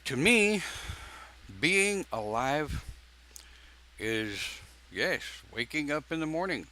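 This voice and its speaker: An older man preaches in a loose, joking way on a live stream, his croaky voice bright and forward. He takes his time, stretching words out between asides. A faint hiss of noise sits under the recording. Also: a little high, sing-song. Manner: folksy, joking asides, drawn-out pauses. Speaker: pagan minister. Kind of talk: informal live-stream sermon.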